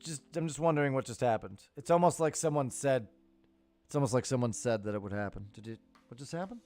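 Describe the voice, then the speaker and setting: A man's voice: medium pitch, fast. A man in his thirties hosting a live stock-trading stream, talking casually and tiredly, then ranting with lots of swearing. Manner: profane, ranting, animated. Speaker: livestream stock trading host. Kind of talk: casual live market commentary.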